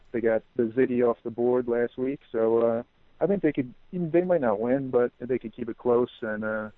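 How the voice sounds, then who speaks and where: A man calling in to a sports podcast, talking through his picks in a relaxed, hesitant way. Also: mid-range voice, dry recording. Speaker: caller making sports picks. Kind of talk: casual sports talk. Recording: tinny dry phone line.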